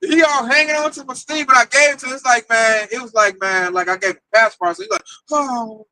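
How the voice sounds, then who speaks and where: Man with an Oklahoma accent, high and very bright voice, animated storyteller who acts out quoted voices, close dry mic. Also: a little fast, dry recording, low-quality recording. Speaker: camp member telling a story. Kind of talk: casual storytelling talk.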